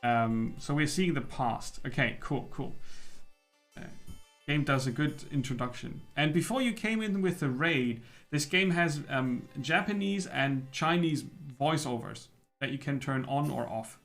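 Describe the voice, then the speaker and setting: A man's voice: medium pitch, unhurried, fairly bright tone, soft background music. A man streaming live gameplay, chatting casually with hesitations and chuckles.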